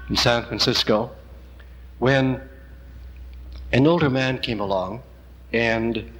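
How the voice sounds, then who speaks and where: A man preaching a sermon, telling a story slowly and gently with long pauses. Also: medium pitch, long reverb tail, slight background noise, rough recording. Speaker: priest.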